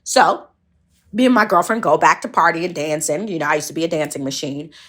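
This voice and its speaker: A woman's voice: deep voice, brisk. A woman around forty from Michigan telling a personal story in a blunt, profane, self-mocking way. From Saginaw, Michigan, US. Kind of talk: casual storytelling monologue.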